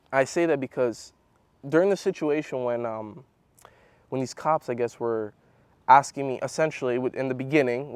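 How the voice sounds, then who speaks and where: A man's voice: mid-range voice, a little mellow, clear, resonant tone, no room sound. A young man rambling through a personal story in casual slang, calling the listener "bro" often. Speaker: vlogger telling a personal story.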